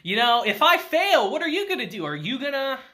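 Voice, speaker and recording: A nervous, hot-tempered teen schoolgirl who whines and picks fights, with a man doing the voice. The tone is bright and edgy and the pitch jumps around wildly. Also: very animated, a little fast, heavily acted. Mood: upset. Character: nervous, fiery teenage schoolgirl.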